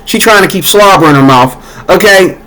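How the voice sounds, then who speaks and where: A man's voice: high-pitched, normal speed, bright, forceful tone, low-quality recording. A man giving casual, heated commentary straight to his viewers, repeating himself as he builds his point. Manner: heated, repetitive, talks to viewers directly.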